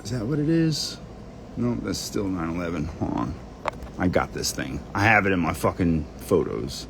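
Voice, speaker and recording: Distracted male host muttering and cursing while he hunts for files, with an animated pitch and faint background noise. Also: normal speed, gravelly. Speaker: channel host. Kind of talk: rambling screen-share monologue.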